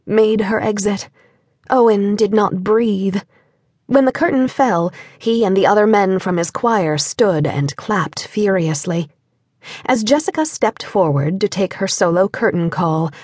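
Female narrator, husky, mid-pitched, measured and gentle; dry studio read. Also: dry recording. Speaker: audiobook narrator. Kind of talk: scripted narration.

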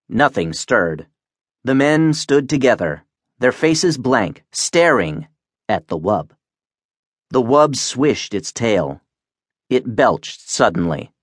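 Slow, expressive male audiobook narrator. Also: medium pitch, no echo, clean studio sound. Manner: measured, expressive reading. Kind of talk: scripted narration. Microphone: close studio mic.

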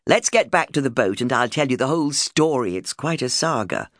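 A woman voicing a cheerful husband and sailor in an audiobook reading, jovial and brisk, close to her own voice. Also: very deep voice, lively intonation, no echo.

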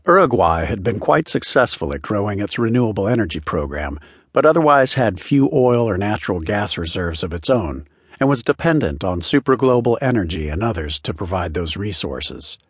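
A male audiobook narrator with a low, husky voice. He reads in a steady, measured way, and his intonation stays lively. The studio recording is close and completely dry. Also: dry recording. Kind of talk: scripted narration.

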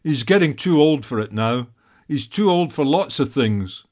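A man doing a gruff old Labrador. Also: mid-range voice, expressive, moderate pace, a little mellow, pitched above the performer's own voice, natural voice. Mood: gruff, wry. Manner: grumbling, wry. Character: easygoing old male black Labrador, gruff and loyal.

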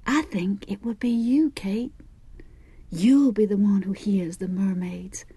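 A woman narrator voicing a sly, adoring young college woman who speaks in a breathy whisper. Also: medium pitch, normal speed, darkish tone, dry recording, voice pushed up. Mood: whispering, eager.

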